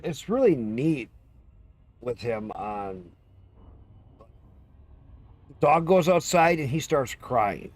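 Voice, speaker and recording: A man with a medium-pitched voice streams live in a casual chat, telling long, rambling stories about his pets. He swears freely and breaks into little meows and dog impressions, with no room sound.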